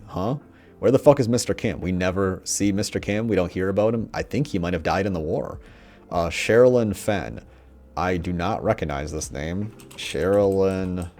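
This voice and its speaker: A young man giving rambling, profane, mocking commentary, often putting on quick voices of characters. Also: deep voice, warm tone. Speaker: commentator on a TV show. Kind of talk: casual ranting commentary.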